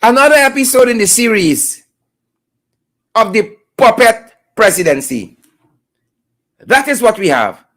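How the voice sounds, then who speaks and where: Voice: mid-range voice, very animated, a little slow, pauses often, a bit bright. A host with a Guyanese accent giving mocking, sarcastic political commentary on a live stream, repeating points for emphasis.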